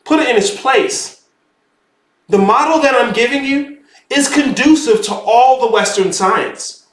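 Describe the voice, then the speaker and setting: A man's voice: very high-pitched, unhurried. Man, spiritual teacher, casual lecture, emphatic and profane, echoey room. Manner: emphatic, profane, keeps saying "bro". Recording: roomy echo.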